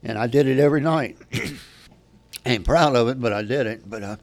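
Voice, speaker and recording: Older man, candid recovery-meeting speaker, rambling delivery with restarts, mid-pitched voice. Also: moderate pace, gravelly. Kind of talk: personal recovery story.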